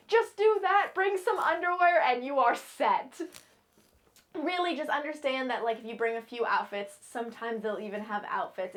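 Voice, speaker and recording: A young woman from New England giving casual, frank advice to camera, chatty and playful with lots of fillers. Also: sits high. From New England, United States. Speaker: model and vlogger.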